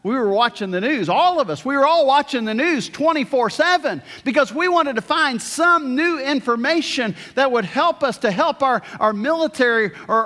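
A man preaching a sermon as a pastor, earnest, slowing down to stress key words and reading scripture aloud. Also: very high voice, bright, forceful tone, long reverb tail.

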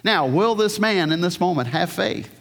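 An earnest pastor preaches with a high, light voice, often turning to the congregation with questions. His words trail off into a long reverb that fills a large hall. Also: expressive, normal speed, gravelly, fairly bright tone. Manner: earnest, asks the congregation questions, frequent restarts. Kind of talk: sermon. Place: church hall.

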